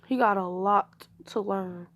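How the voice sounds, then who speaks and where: A woman's voice: mid-range voice, fairly even intonation, slow pace, a bit bright. A woman casually telling an improvised fan story, loose and slangy with rambling asides.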